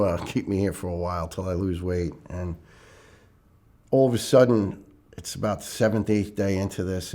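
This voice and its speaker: A middle-aged man with a slightly low voice speaks in a personal testimony interview. He talks candidly and a little haltingly, repeating words as he restarts sentences. His delivery stays plain and conversational. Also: a little mellow. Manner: candid storytelling with repeated words and restarts, acting out what others said. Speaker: first responder recounting illness.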